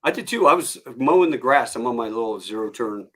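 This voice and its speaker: A man in his fifties, a podcast host and former Marine, telling animated stories in a casual chat. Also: medium pitch, brisk. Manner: animated storyteller, acts out quotes.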